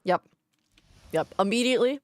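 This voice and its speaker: A woman's voice: a little high, lively intonation, normal speed. A woman streaming a game in casual commentary, playful and cursing, reading the game's text aloud as she goes.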